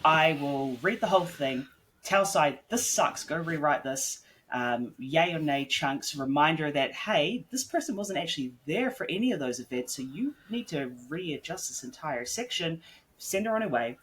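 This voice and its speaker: A man's voice: on the high side, expressive, normal speed, fairly bright tone, a little hiss or hum. A man on a casual podcast interview, talking bluntly and swearing freely, rambling with lots of "like" as he explains his work. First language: English. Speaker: guest author and editor.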